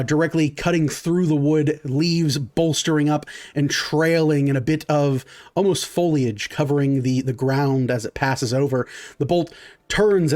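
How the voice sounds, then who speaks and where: A man's voice: fairly high pitch, darkish tone. A man running a tabletop game as dungeon master, narrating vividly with many fillers.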